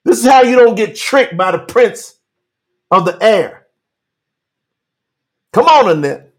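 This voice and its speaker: A man preaching on a live stream, animated, calling out to viewers by name and reading scripture slowly for emphasis. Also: high-pitched. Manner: Southern-style 'y'all' address, drawn-out emphatic reading. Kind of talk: livestream sermon reading scripture.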